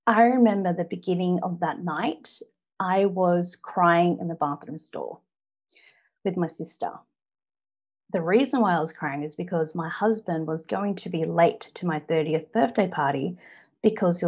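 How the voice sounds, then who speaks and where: An Australian woman in her thirties tells her own story to an audience in an earnest speech. Her voice sits a little low, and she often stops on "now" before moving the story on. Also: moderate pace, darkish tone, dull audio. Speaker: public speaker.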